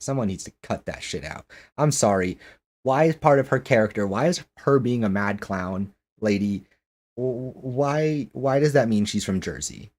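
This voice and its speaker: A man's voice: on the low side, darkish tone, husky. A man streaming a game and chatting casually with viewers, rambling with lots of restarts and questions.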